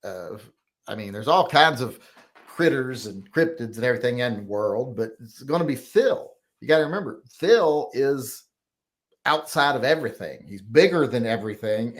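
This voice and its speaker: Rambling, cursing man on a livestream. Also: medium pitch. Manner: rambling, profane, talks to himself and chat. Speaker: livestream host. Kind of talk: casual livestream chat with viewers.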